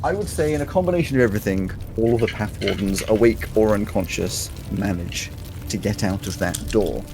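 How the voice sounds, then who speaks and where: A man's voice: fairly low pitch, fairly quick, creaky. A man running a tabletop game as game master, narrating scenes vividly and laughing with the players. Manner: lively descriptive narration with laughter. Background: soft fantasy music.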